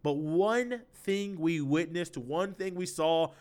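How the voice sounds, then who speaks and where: A man's voice: a little high, slow, darkish tone. A man hosting a solo sports podcast with a head cold, talking in a loose conversational way and repeating his phrases. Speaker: podcast host.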